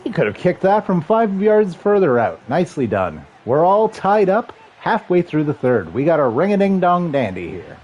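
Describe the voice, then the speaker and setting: A man in his thirties streaming a football video game, calling the plays and chatting with viewers in a rambling, excitable way. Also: on the high side, moderate pace, few pauses, husky, lo-fi sound. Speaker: livestream gamer and commentator. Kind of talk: casual play-by-play chat with chat.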